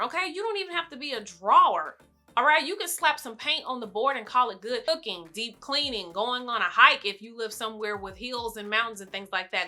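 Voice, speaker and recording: Woman, young adult, very bright voice, chatty advice vlog, faint background music. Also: mid-range voice. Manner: chatty, addresses viewers as y'all and baby. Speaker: lifestyle vlogger. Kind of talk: casual advice talk to camera.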